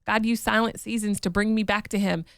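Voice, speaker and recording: A woman in her thirties tells a personal story on her podcast, frank and chatty. Her voice has a gravelly edge, and the close mic gives a dry sound. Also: mid-range voice, steady tone, fairly quick, dry recording. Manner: frank, chatty, laughs easily. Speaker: podcast co-host. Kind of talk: casual chat.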